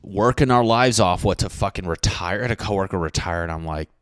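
A man in his thirties talks alone into his podcast mic from his apartment. He rambles from one thought to the next, swears freely and makes fun of himself. His voice sits low and sounds dry and close, with no room echo. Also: a little fast, a bit bright. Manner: rambling, profane, self-mocking. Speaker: podcast host. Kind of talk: rambling solo podcast monologue.

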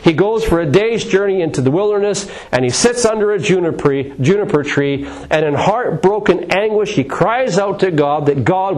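A man's voice: fairly high pitch, a little mellow, rough recording. A man preaching a sermon in a dramatic style, repeating phrases with rising and falling emphasis.

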